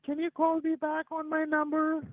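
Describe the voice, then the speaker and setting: A man's voice: very high voice, monotone, normal speed, no echo. A man putting on a woman's voice, playing an insistent woman caller on a phone line. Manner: insistent, repetitive. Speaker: scammer.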